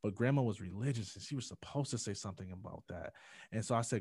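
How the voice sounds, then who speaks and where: A man's voice: lowish voice, fast, a little mellow, slightly rough, no echo, clean studio sound. A man, a podcast guest, telling a personal story in earnest and acting out the quotes with rising intensity. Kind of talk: personal testimony in a podcast interview.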